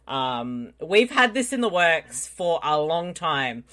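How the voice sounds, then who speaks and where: Playful female podcast host, slow unhurried delivery, bright. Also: low-pitched, big pitch swings. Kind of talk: casual live podcast chat.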